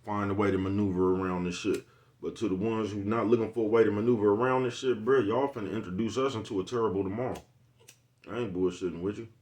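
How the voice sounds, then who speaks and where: A man's voice: fairly low pitch, steady tone, fast, darkish tone. A man in a casual, rambling vlog monologue, cursing freely and asking "you know what I'm talking about" again and again. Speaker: vlogger.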